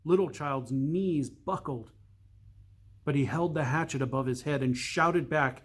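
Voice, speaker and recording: A priest reading a storybook aloud, slow and measured, dropping to a hush for suspense. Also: male voice, fairly high pitch.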